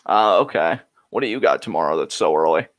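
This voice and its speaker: A man's voice: low voice, lively intonation, fast. A man co-hosting a live wrestling reaction show in casual, crude, sarcastic chat, swearing freely.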